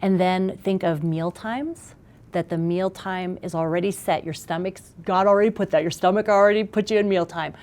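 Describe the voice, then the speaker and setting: Animated woman, parenting expert guest. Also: fairly low pitch, moderate pace. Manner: animated, acts out little quoted scenes. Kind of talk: conversational interview.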